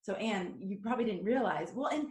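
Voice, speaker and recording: A woman's voice: mid-range voice, lively intonation, a little fast. Chatty woman host in an echoey room. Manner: earnest, chatty, shares family anecdotes. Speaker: podcast host. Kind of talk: casual podcast conversation. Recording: roomy echo.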